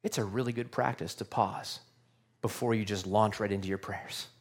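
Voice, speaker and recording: A man's voice: fairly low pitch, steady tone, normal speed. A man preaching a sermon to his congregation in an earnest, conversational way, often asking rhetorical questions. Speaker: pastor.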